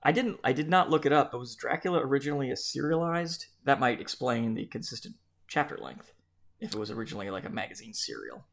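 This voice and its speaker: A man's voice: mid-range voice, very animated, quick pace, gravelly, fairly bright tone. A man hosting a book podcast in casual, joking chat. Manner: joking, easygoing. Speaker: podcast host.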